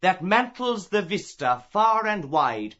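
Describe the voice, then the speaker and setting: A man's voice: sits high, sing-song, slow pace, fairly bright tone, muffled recording, pitched above the performer's own voice, full character voice. A man voicing a genial male idler who mocks by declaiming grandly and making sly asides.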